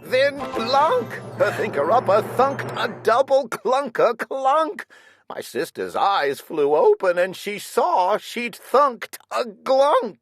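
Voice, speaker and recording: Woman reading a kids' rhyming storybook, super lively up-and-down voice, nice and slow. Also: a little high, slightly rough, faint music behind. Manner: animated, playful rhyming delivery. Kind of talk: storybook read-aloud.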